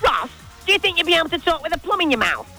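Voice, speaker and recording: A man giving a chatty, gossipy roundup of soap news on breakfast radio, in an animated and teasing way. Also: very high-pitched, racing, faint music behind. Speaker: soap and entertainment news contributor.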